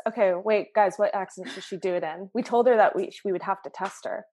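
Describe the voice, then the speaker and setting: A woman's voice: medium pitch, a little fast, mellow. A woman co-hosting a podcast over a video call, giggling and tripping over her words in casual chat. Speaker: co-host.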